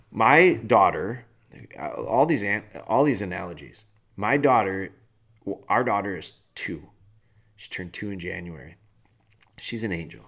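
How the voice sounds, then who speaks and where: A man hosting a dog-training podcast, delivering a blunt, animated rant in a casual way. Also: lowish voice. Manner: blunt, animated, firm and fast-talking. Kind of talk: casual ranting monologue.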